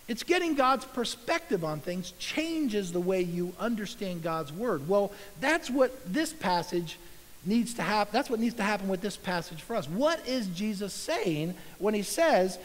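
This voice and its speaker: A pastor preaching a sermon, earnest and conversational, acting out little asides and inner dialogue. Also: male voice, sits high, animated, measured pace, long reverb tail, low-quality recording.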